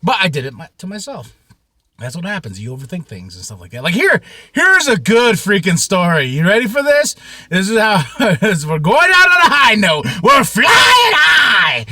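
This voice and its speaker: A man telling a rambling story to camera in a casual, profane way, with sudden shouts and many repeats. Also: high-pitched, very animated, normal speed, no room sound. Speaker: vlogger.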